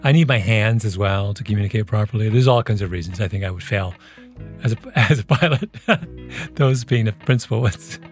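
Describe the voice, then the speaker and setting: A man chatting on a podcast, animated and often laughing, with frequent volume shifts. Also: fairly low pitch, normal speed, soft background music. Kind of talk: casual conversational podcast.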